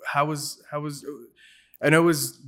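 A man's voice: on the high side, flat delivery, normal speed, a bit bright. A man hosting a casual interview, encouraging his guest and often repeating words while searching for the next phrase. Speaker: interviewer host.

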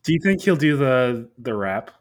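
Lively-voiced man pushing back playfully. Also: medium pitch, moderate pace. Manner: playful, pushes back, laughs often. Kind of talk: casual chat.

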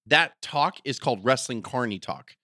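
A man hosting a podcast, telling a story in casual chat, animated and swearing freely. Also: medium pitch, normal speed, no room sound, clean studio sound. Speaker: podcast host.

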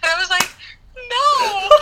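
A woman telling a personal story in a casual chat, animated and full of laughter and "like" fillers. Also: fairly high pitch, unhurried, slight background noise, rough recording. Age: adult parent. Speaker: guest answering questions.

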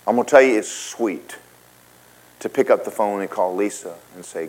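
A man preaching a sermon as a pastor, with an animated, joking way of talking. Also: fairly low pitch, normal speed, rough recording.

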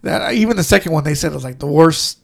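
High-pitched, gravelly man rambling. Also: lively intonation, fast. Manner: rambling, profane storytelling with many restarts. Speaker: podcast co-host. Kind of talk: casual chat.

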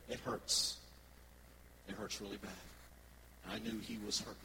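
A man, a worship pastor, preaching a sermon and telling personal stories in a conversational, animated way to his congregation. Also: fairly low pitch, a little slow, a little hiss or hum, rough recording.

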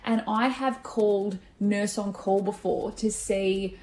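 A woman co-hosting a podcast, telling stories in an animated way and laughing often. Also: mid-range voice, takes it slowly, slight background noise. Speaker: podcast co-host. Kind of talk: casual chat.

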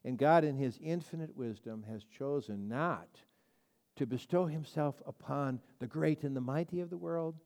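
A man's voice: a little high, normal speed, a little mellow. A man teaching a Bible study as a pastor, in a chatty, emphatic way with frequent restarts and asides. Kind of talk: conversational Bible study lecture.

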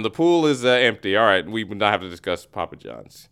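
A man hosting a casual sports podcast, joking with mock-dramatic groans and quick sign-offs. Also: on the low side, very animated, vocal fry, fairly bright tone, smooth. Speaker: host.

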